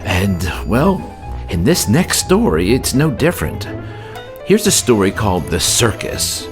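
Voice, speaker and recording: A man hosting a children's story podcast, introducing the episode in a playful, animated way. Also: lowish voice, unhurried. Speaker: podcast host. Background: music.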